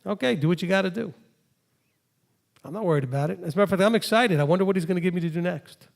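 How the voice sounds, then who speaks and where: A man, a rabbi, teaching a congregation and acting out imagined conversations in a lively preaching style. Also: high voice, very fast, vocal fry. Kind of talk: sermon-style teaching with acted dialogue.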